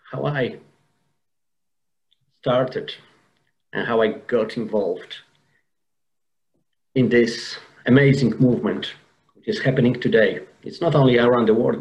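A man's voice: mid-range voice, a little slow, gravelly, long pauses, darkish tone, rough recording. Earnest man telling an emotional story. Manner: earnest, emotional, with frequent restarts and repeated words. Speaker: podcast guest. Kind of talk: personal storytelling in an interview.

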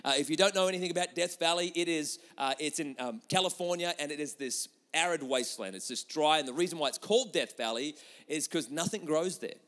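A middle-aged man preaching a sermon as a pastor. He tells a story in a chatty, animated way, with many restarts, and puts questions to the audience. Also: fairly high pitch, brisk, big-room sound.

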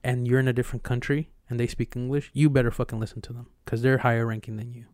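A fast-talking young man, co-host of a podcast, launches into a personal story with profane, animated energy. Recorded dry and close with no room sound, his voice comes through smooth, clear, and fairly level in pitch.

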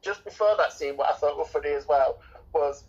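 A woman's voice: low-pitched, a little fast, darkish tone, slightly rough. A woman co-hosting a casual film review chat, ranting and swearing as she mocks the characters. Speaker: podcast co-host. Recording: dull lo-fi recording.

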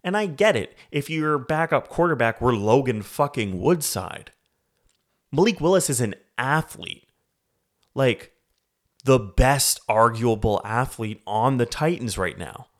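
A man from Canada hosting a solo sports podcast, ranting in a heated, profane way about football. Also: medium pitch. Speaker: podcast host.

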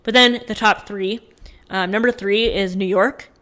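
Give me a woman podcast co-host casually reading out news stories, mid-pitched and chatty. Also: steady tone, measured pace, fairly bright tone. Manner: chatty, reads from notes with fillers.

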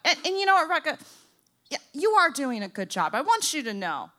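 A young woman from Florida tells a comic story. Her voice is high and bright and jumps around a lot. She acts out the people in it and swings from loud to hushed. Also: big pitch swings, fairly quick.

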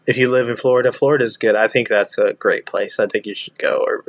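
A man's voice: fairly low pitch, steady tone, a little fast, dry recording. Rambling man with a Southern accent. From Texas. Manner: rambling, many restarts and fillers. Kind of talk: casual chat.

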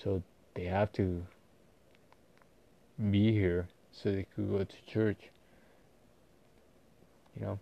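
A man talking casually in a personal vlog, rambling and halting with many fillers and restarts. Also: fairly low pitch, flat delivery, creaky, dull audio. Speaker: vlogger.

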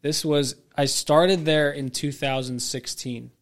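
Speaking slowly in a fairly high-pitched voice, this podcast co-host spins animated, swear-heavy stories. He performs the voices of the people he quotes.

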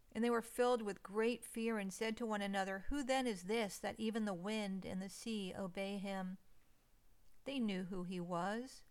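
A woman delivering a slow, soothing, scripted devotional message. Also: a little high, smooth. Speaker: devotional speaker.

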